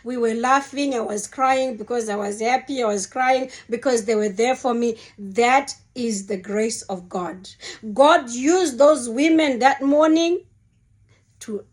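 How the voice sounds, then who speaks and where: A middle-aged woman giving an emotional, earnest Christian testimony in a sermon-like way, often repeating her words. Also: fairly high pitch.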